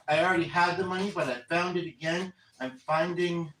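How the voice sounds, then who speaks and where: This man's voice sits on the high side, fairly bright, at a normal speed. Relaying messages as a spiritual medium on a casual livestream, he's earnest and rambling, breaking off mid-thought and restarting; the mic is distant, with roomy echo and faint noise.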